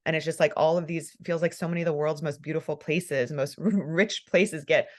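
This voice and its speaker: A woman's voice: deep voice, fairly even intonation, normal speed. A woman hosting a podcast interview, talking in an emotional, fervent way and laughing often. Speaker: podcast host. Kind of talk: casual conversational interview.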